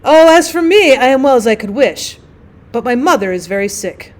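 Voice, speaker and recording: A woman's voice: high voice, lively intonation, normal speed, a little mellow. A woman voicing a stingy, hesitant peasant man in a storybook reading, stammering and wheedling.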